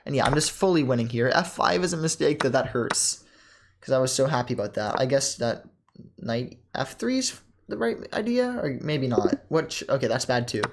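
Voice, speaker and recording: A young man casually thinking aloud as he reviews his own chess game, often pausing with ums, correcting himself and laughing softly. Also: medium pitch, very animated, creaky, slight background noise. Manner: halting, self-correcting, many ums and laughs.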